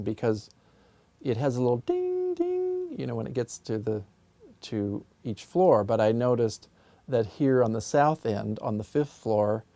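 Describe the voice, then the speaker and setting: Interviewee: a man with a gravelly voice in a dry office, an unhurried composer who explains his ideas thoughtfully. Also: mid-range voice, mellow, dry recording. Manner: thoughtful, musing, explains with sung sound examples. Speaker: composer and music theorist being interviewed.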